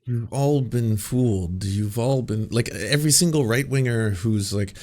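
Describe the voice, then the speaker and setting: A man's voice: medium pitch, a little slow, a little mellow. Sarcastic man doing reaction commentary. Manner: sarcastic, mocking impressions. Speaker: commentary host.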